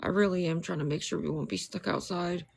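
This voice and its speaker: Gravelly pleading livestreamer. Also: medium pitch, fairly quick. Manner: pleading, apologetic, repeats money requests; bitter, angry at a rival. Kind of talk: casual livestream talk. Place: indoors with dogs.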